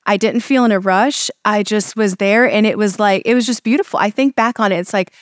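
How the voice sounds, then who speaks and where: Smooth-voiced woman telling a warm story. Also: medium pitch, brisk, no echo, clean studio sound. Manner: earnest, emotional, many fillers. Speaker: podcast guest. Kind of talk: telling her birth story.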